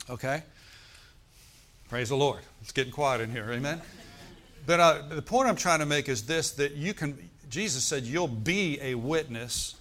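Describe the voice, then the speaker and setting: A man's voice: medium pitch, a bit bright. A middle-aged male preacher, telling a story and calling out to the congregation in a sermon. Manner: storytelling, asks the congregation for responses.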